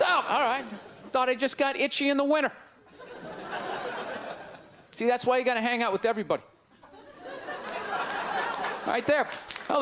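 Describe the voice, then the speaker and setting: A male stand-up comedian ranting loudly and in exasperation on a comedy club stage into a handheld mic. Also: extremely high pitch, noisy background. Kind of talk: stand-up set. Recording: live club recording with crowd laughter.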